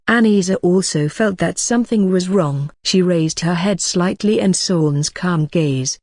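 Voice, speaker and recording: Man reading an audiobook in a dry, even voice. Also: high-pitched, no echo. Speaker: audiobook narrator. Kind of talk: scripted narration.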